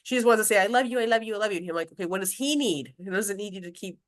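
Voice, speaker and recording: A woman's voice: medium pitch, expressive, racing. Chatty rambling woman, grief specialist. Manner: chatty, rambling with many restarts and laughs. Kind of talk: casual interview chat.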